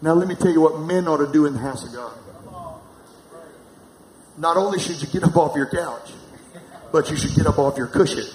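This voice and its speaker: A middle-aged pastor uses call-and-response, urging his congregation to answer back during a sermon in a large church hall. He speaks a little fast with a fairly high pitch and long pauses. The sound echoes and carries noise.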